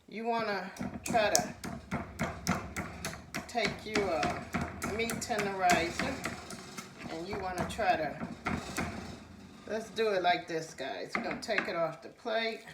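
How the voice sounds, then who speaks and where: Slow homey woman in echoey kitchen. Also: fairly low pitch, far from the mic, very noisy. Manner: slow, homey, says "guys" often. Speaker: cooking channel host. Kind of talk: casual cooking demonstration. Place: home kitchen.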